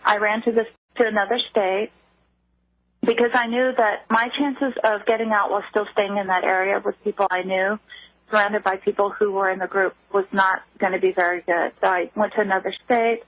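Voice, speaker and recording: A woman guest speaking on a phone line in a radio interview, halting, with many restarts. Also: medium pitch, fairly even intonation, no room sound. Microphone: telephone. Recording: tinny phone line, dry.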